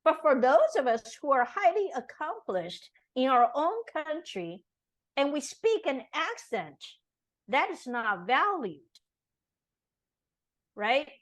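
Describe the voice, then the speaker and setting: Slow, lively-voiced immigrant woman. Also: high-pitched, low-quality recording. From Taiwan. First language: Taiwanese Mandarin. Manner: earnest, emphatic, with many tag questions. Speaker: interview guest. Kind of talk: conversational interview.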